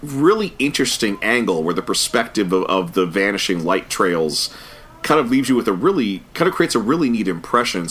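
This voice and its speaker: A man co-hosting a podcast, chatting casually about an animated episode in a thoughtful way with frequent fillers and restarts. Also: lowish voice, slightly rough. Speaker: podcast co-host. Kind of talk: casual review chat.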